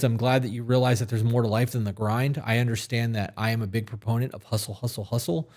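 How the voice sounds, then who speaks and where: A man hosting an advice podcast for men, talking candidly and earnestly, with casual swearing. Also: medium pitch. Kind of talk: casual advice talk, reading a listener email.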